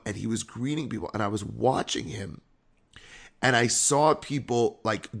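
A man, a rabbi, telling a story in a lively, conversational sermon. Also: mid-range voice.

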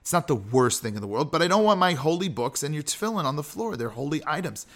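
Talking fast and very animatedly in a fairly high, fairly bright voice, this man hosts a podcast on character ethics. His casual teaching is full of rhetorical questions and jokes at his own expense.

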